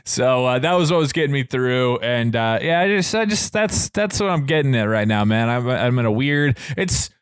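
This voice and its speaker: Man, 30s, podcast co-host. Rambling, excitable storyteller, mid-pitched, dry close-miked sound. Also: moderate pace, hardly any pauses, clean tone, no room sound. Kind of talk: casual chat.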